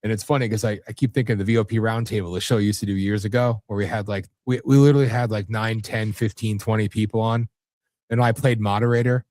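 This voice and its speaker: A man's voice: on the low side, fairly even intonation, fast, darkish tone, no room sound, clean studio sound. A man hosting a live internet radio show with an American accent, rambling and cursing in casual, self-deprecating chat. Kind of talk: casual late-night chat.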